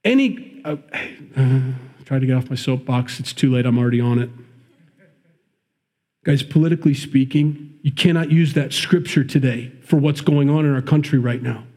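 Speaking at a moderate pace with a mellow tone and medium pitch, a pastor from the Midwest reads from scripture. He keeps interrupting the reading with conversational, emphatic commentary as he preaches.

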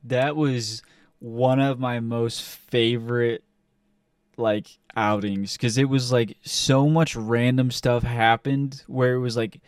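A young man co-hosting a casual podcast, telling a story with lots of swearing and loud acted-out quotes. His voice is smooth and clear. He sits a little back from the mic in a dry room. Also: medium pitch, slow, no echo, far from the mic. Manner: animated, profane, acts out quotes loudly. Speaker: podcast co-host.

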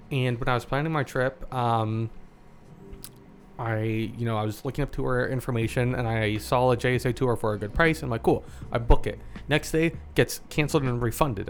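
A man co-hosting a casual podcast, telling stories with lively acted-out quotes. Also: medium pitch, normal speed, a little hiss or hum. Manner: animated storyteller, acts out quotes. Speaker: podcast co-host. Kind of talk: casual chat.

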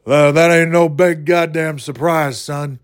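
A man doing a gruff, taunting tough-guy wrestler. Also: on the high side, fairly even intonation, unhurried, no echo, clean studio sound, voice pushed up, close to an everyday voice. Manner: growling, insulting.

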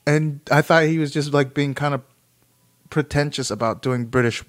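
A man's voice: fairly high pitch, moderate pace. A man in his thirties chatting casually and rambling, swearing often and breaking into laughter.

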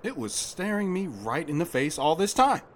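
A man playing a kindly butcher who jokes gently with a lost child. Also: fairly high pitch, sing-song, moderate pace, slight background noise. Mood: playful. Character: kindly middle-aged male butcher, playful and protective. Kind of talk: radio drama acting.

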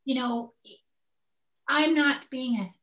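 Older lady podcast cohost, kinda high voice, animated storytelling, acts out the quotes. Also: slow, muffled recording. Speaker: podcast co-host. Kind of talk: candid podcast conversation.

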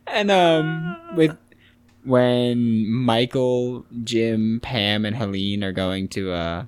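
A young man co-hosting a sports podcast, retelling scenes with animated storytelling and teasing his friend. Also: medium pitch, very slow, clean tone. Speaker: podcast co-host. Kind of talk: casual chat.

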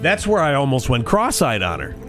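Male podcast co-host, mid-pitched and rambling, casual storyteller, faint music underneath. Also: huge pitch swings, a little fast. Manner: rambling, conversational storytelling with frequent restarts.

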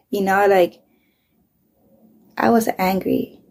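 A woman's voice: medium pitch, steady tone, measured pace, gravelly, long pauses, darkish tone, slightly rough. A middle-aged woman, a mother, candidly telling a painful personal story, swearing often and sometimes dropping to a whisper.

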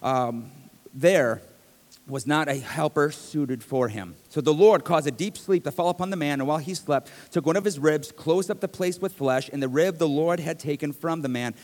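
High-voiced male pastor in a reverberant hall. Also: normal speed, darkish tone. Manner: conversational preaching with jokes, rising to emphatic bursts. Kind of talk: sermon. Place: church sanctuary.

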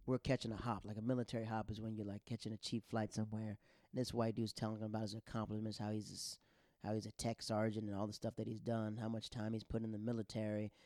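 A man hosting a podcast, telling stories in a casual, animated, slangy way and acting out the quotes. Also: fairly low pitch, no room sound, studio quality. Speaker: podcast host. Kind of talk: casual storytelling.

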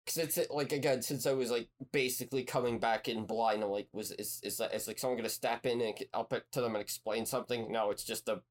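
A man co-hosting a podcast in casual chat, halting and repeating words as he thinks. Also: mid-range voice, fairly even intonation. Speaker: podcast co-host.

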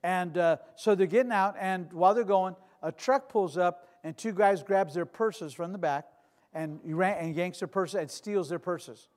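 A pastor in his sixties delivers a sermon laced with humor and asides, moving from loud declarations to quiet storytelling. His voice sits high and his pace is a little slow.

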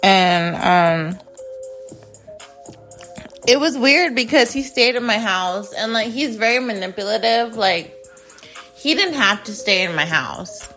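A woman's voice: mid-range voice, lively intonation, takes it slowly, pauses often, fairly bright tone, soft background music. A young woman from Phoenix hosting a podcast, telling a personal story in a blunt, profane way with lots of "like". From Phoenix, USA. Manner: blunt and profane, heavy use of "like". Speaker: podcast host. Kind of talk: casual storytelling monologue.

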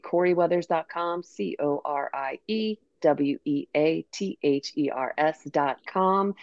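Low-voiced woman host on a dull, dry line. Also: a little mellow, no room sound. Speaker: podcast host. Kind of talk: closing an interview.

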